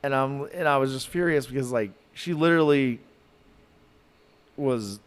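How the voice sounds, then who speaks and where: A man telling a podcast story in an animated, rambling way, full of fillers and likes. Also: medium pitch, normal speed, smooth. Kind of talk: casual storytelling.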